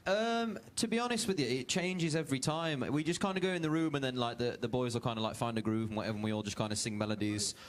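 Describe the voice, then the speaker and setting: A man's voice: medium pitch, quick pace, hardly any pauses. A young man from a pop band, rambling loosely and chattily through his answers. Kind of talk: casual interview chat.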